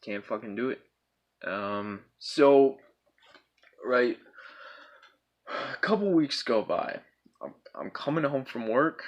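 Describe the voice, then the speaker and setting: A man's voice: mid-range voice, lively intonation, takes it slowly, pauses often, lo-fi sound. Young man, casual storytime, rambling, heavy swearing, mid-range voice. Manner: profane, rambling, checks in with 'right?' and 'bro'.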